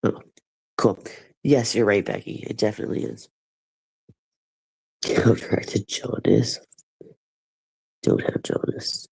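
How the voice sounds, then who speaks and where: A low, gravelly man rambles through a casual livestream chat with his viewers. He sounds stuffed up in the nose, and his sardonic talk is full of swearing. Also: steady tone, slow pace, long pauses, a little mellow, rough recording.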